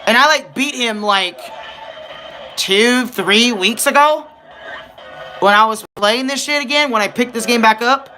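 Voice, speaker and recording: A man's voice: very high-pitched, a little slow, pauses often, pushed and bright, soft background music. A young man giving casual, rambling game commentary, swearing freely and correcting himself as he talks. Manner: rambling, profane, self-correcting. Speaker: gaming streamer.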